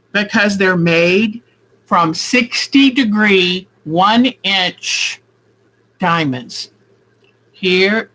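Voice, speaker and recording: Slow, chatty woman vlogging her quilting. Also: medium pitch, fairly bright tone, poor audio. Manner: chatty, rambling, thinks aloud. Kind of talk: casual craft demonstration.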